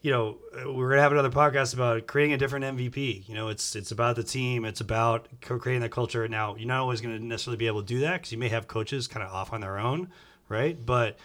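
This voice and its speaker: A man's voice: mid-range voice, quick pace, a bit bright. A man co-hosting a casual podcast from a living room, easygoing and agreeable, often chiming in with short affirmations. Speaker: podcast co-host.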